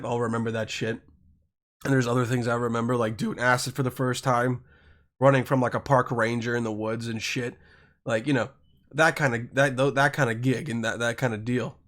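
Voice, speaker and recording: A man from Europe hosting a podcast, telling a rambling, crude story in a casual monologue full of swearing and self-interruptions. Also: medium pitch. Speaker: podcast host.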